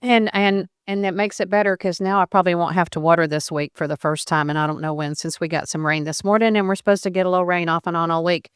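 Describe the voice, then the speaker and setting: A woman's voice: fairly low pitch, little pitch movement, quick pace, few pauses, clean tone, no echo, clean studio sound. A woman co-hosting a podcast, chatting in an easygoing, teasing way. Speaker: podcast co-host. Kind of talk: casual podcast chat.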